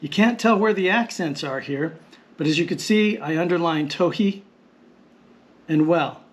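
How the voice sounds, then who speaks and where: A man teaching vocabulary in a patient, explanatory lesson, repeating words slowly and deliberately. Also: fairly high pitch. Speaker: language teacher. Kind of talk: slow explanatory lesson narration.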